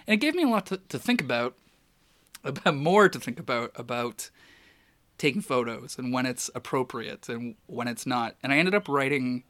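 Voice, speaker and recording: A man's voice: mid-range voice, expressive, moderate pace, a bit bright, no room sound. Guy photographer rambling through a story, lots of ums and restarts, dry close sound. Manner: rambling, many restarts and fillers. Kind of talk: casual storytelling.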